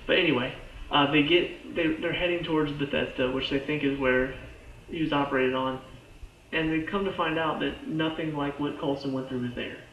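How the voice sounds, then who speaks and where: A man with a somewhat high voice recaps TV episodes in a loose, rambling way, full of "like" and restarts. He sounds like he is in an echoey room. The recording is dull and lo-fi. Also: fairly even intonation, moderate pace, a little hiss or hum. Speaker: TV show reviewer.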